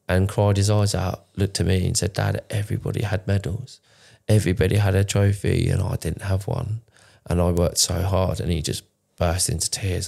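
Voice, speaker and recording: Gravelly deep-voiced man, raw. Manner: raw, emotional, swears often, restarts sentences. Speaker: podcast co-host. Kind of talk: candid conversational storytelling.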